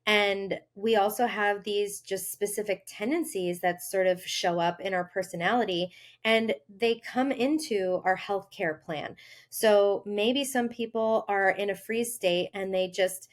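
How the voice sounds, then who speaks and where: Woman, podcast host, health coach, earnest, casual monologue, mid-pitched. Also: fairly even intonation, measured pace. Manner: earnest, acts out inner voices with sudden lifts. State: briefly tearful.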